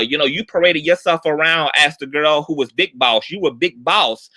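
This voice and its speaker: A sassy man with a high, bright voice, dishing celebrity gossip in a profane, animated rant. He keeps throwing in girl and honey, and his pitch leaps up for emphasis. The sound is close and dry. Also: no echo. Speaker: commentary channel host.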